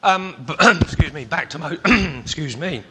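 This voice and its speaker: A man's voice: fairly high pitch, animated, unhurried, noisy background. A man interviewing a guest on stage, with wry, teasing asides.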